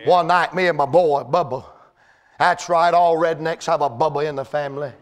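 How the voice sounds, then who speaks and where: A pastor preaches in a high, ringing voice. He tells folksy stories, then climbs into shouted lines, stretching out key words. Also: fairly even intonation, normal speed. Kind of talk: sermon.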